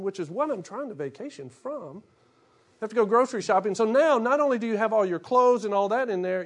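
A middle-aged man preaching a casual, humorous sermon, acting out little asides. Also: sits high. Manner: humorous, animated storytelling with acted-out asides. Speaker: pastor. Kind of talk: conversational sermon.

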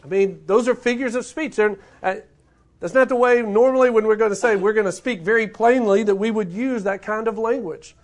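Man, pastor, high voice, earnest sermon, repeats words. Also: fairly quick. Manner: earnest, repeats words, reads scripture then preaches.

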